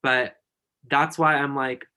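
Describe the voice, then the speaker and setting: A man's voice: medium pitch, steady tone, slow pace, pushed and bright, clear, resonant tone. A man guest on a podcast, chatting casually and giving emphatic, effusive encouragement. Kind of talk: casual chat.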